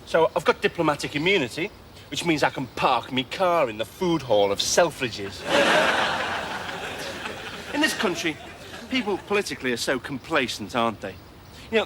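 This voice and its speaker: A man's voice: high voice, fairly bright tone, a little hiss or hum. A man playing a smarmy, ingratiating male club comedian with brash stand-up patter and corny punchlines.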